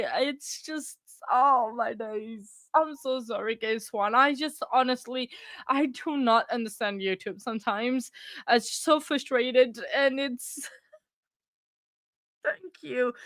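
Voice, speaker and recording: A woman hosting a casual livestream, talking in a fairly high voice as she effusively thanks her viewers. She rambles, restarts and gushes as she reads the chat. Her voice is close and dry, with no room sound around it. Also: fairly bright tone, dry recording. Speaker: true crime livestream host.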